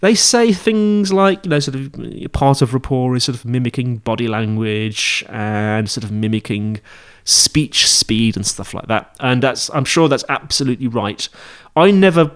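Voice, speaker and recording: A man's voice: medium pitch, unhurried, few pauses, clean tone. A man hosting a podcast, giving informal advice on interviewing in a rambling, chatty way with many fillers and restarts. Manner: chatty, rambling, with frequent fillers and self-corrections. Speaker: podcast host teaching interview skills. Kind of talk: casual instructional monologue.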